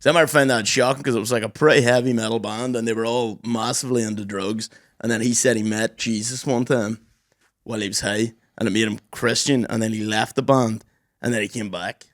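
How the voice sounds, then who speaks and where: A young man, co-hosting a podcast in a studio and telling stories in lively casual chat, swearing freely. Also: mid-range voice, brisk, dry recording. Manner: animated storyteller, swears freely, does loud voices. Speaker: podcast co-host.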